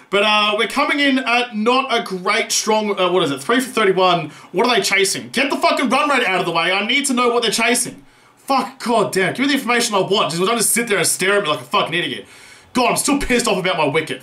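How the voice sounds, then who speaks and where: Young man, gaming host, high bright voice, excitable and foul-mouthed, roomy echo. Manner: excitable, swears a lot, shouts at big moments. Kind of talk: live gameplay commentary.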